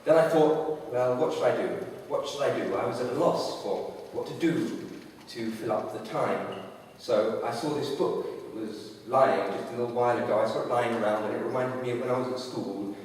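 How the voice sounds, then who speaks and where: A man's voice: medium pitch, darkish tone, a little hiss or hum, natural voice. A man on stage playing an awkward male comedian who stalls with uh and restarts, recorded from far off in an echoey dance studio. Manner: halting, full of uh and restarts. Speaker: live performer. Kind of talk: stage reenactment of a stand-up routine. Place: dance studio, in front of an audience. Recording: echoey hall, mic far off.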